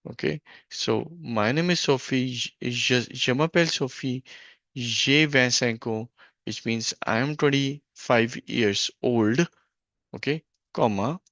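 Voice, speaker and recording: A man teaching a French grammar lesson from a worksheet, slow and stop-start, often correcting himself, on a dull lo-fi recording. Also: mid-range voice, fairly bright tone, no room sound.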